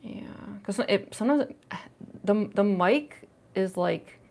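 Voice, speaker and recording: A young woman chats casually from a room at home during a cosplay livestream, giggling a lot and answering chat. She talks on a phone with a plug-in mic, her voice medium in pitch, expressive and unhurried, with a darkish tone.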